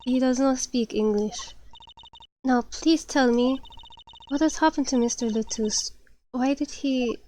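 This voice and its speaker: A woman voicing a calm, politely formal woman singer in a game reading. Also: high voice, a little hiss or hum. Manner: gentle, formal, measured.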